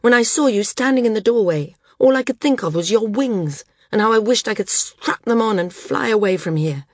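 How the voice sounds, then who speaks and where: A woman's voice: medium pitch, animated, moderate pace, a little mellow, no echo, clean studio sound, voice pushed up, natural voice. A woman voicing an anguished grounded woman flyer. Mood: bitter. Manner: anguished, pleading to be left alone. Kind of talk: audiobook character reading.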